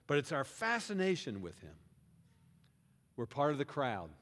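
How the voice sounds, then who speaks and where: At a moderate pace and in a mid-range voice, a male pastor delivers a sermon. He tells a scripture story animatedly in the first-person plural, making his congregation feel present and directing questions at them, in a church sanctuary that echoes like a hall.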